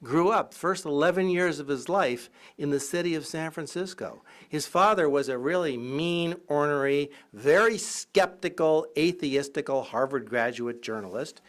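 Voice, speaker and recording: A man's voice: on the high side, moderate pace, hardly any pauses. A man, a college professor, giving a humorous public lecture full of anecdotes, often breaking into laughter and irreverent asides. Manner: lively, irreverent.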